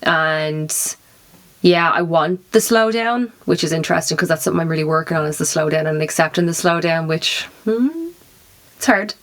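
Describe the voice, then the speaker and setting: A young woman co-hosts a relaxed podcast. Her voice sits fairly low, and she talks in a chatty way with giggles and fillers like "um" and "like.". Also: normal speed. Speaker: podcast co-host. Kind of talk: casual chat.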